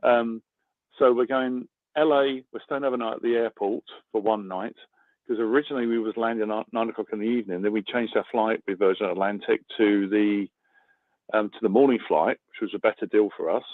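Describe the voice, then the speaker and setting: A man's voice: lowish voice, fairly even intonation, a little fast, dry recording. A British man rambles cheerfully through a long call-in, full of ums and restarts. He sounds tinny, coming through a phone line. The sound is dry and close, with no room around it. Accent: British English. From England. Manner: chatty, rambling with many fillers. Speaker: caller.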